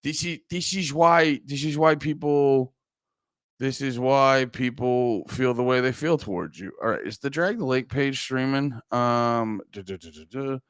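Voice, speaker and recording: A man's voice: medium pitch, measured pace, clean tone, no room sound, clean studio sound. A man hosting a livestreamed podcast, chatting loosely and profanely with his viewers and sounding a little groggy. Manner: rambling, profane, talks to chat. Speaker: podcast host. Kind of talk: casual livestream chat.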